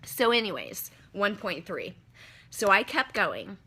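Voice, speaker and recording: A young woman with a bright, clear voice tells her story to livestream viewers in casual chat. She swears freely and keeps turning to her audience. She speaks into a phone held close in a hotel room. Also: mid-range voice, slow pace. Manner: animated, swearing, talks straight to viewers as "y'all". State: upset after crying. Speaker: livestreamer telling a travel story.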